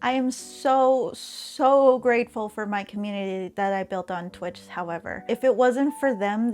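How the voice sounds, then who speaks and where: A woman's voice: medium pitch, darkish tone. A woman in her thirties from Canada, talking casually and candidly in a vlog, often laughing between phrases. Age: 30s. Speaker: streamer and vlogger.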